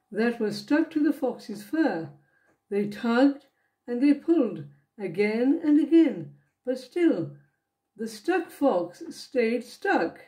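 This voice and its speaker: A woman reads a children's storybook aloud to her grandchildren. Her voice sits a little high but sounds soft and mellow. She takes each line slowly and gently. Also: rough recording. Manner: slow, gentle reading with voiced characters. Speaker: grandmother reading picture books aloud.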